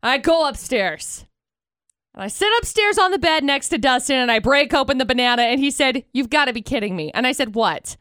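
A woman's voice: sits high, animated, normal speed, a bit bright, clear, resonant tone, no room sound, studio quality. A young woman co-hosting a morning radio show, telling a story in casual banter and laughing as she goes. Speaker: radio co-host.

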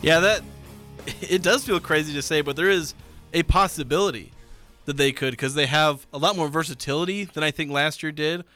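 A man's voice: on the high side, normal speed, sharp tone, faint music behind. A man co-hosting a sports radio show, talking in an easygoing way and leaning on fillers. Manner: easygoing, leans on "you know". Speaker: co-host and play-by-play announcer. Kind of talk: casual sports radio chat.

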